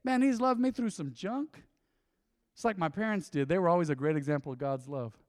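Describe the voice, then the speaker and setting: Give me an emotive male pastor delivering a sermon in a high, bright voice. He preaches with energy, jumping from loud bursts to hushed asides. The voice sounds close and dry, with a long hall reverb trailing behind it. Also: brisk. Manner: energetic, emotive, swinging between loud and soft.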